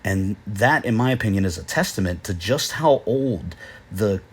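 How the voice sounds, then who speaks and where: Male lecturer-narrator, measured and explanatory, breathy lower voice, hesitant fillers. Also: expressive. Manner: measured, explanatory, with frequent "uh" pauses. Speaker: video lecturer.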